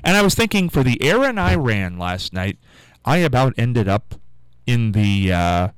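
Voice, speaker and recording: Man from Ohio, radio host, rambling musing monologue, animated voice, dry studio sound. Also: medium pitch, measured pace, clean tone, no room sound, rough recording. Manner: rambling, chatty, musing aloud.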